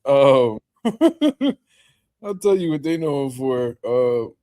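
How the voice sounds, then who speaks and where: A man's voice: medium pitch, big pitch swings, drawn-out words, dark tone. A man hosting a boxing talk show, reacting in laid-back casual chat with lots of laughter and slang.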